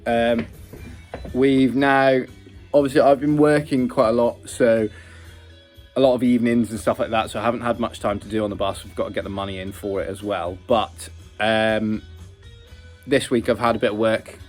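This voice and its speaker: A man's voice: mid-range voice, steady tone, moderate pace, faint music behind. A man casually walking through the build of his converted bus, plain-spoken and self-deprecating, rambling along. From United Kingdom. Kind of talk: casual narrated build vlog. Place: inside a bus being converted.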